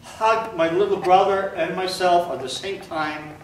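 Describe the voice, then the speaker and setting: An older man giving a slow, deliberate spoken testimony to an audience, his voice sinking low and quiet at grave moments. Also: fairly even intonation. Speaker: Holocaust survivor speaker. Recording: echoey hall recorded from far off, faint noise.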